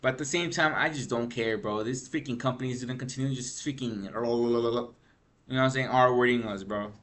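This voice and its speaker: A man's voice: medium pitch, fairly quick, a bit bright. A man vlogging gaming news in a rambling, slangy rant, tired from lack of sleep. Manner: rambling, slangy, frequent "bro" and "freaking". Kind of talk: casual ranting commentary.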